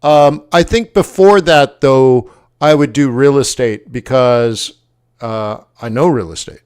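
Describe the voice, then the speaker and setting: A man with a Canadian accent hosting a forex trading livestream, talking casually in a rambling, jokey way and correcting himself as he goes. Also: mid-range voice. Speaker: forex trading educator and stream host.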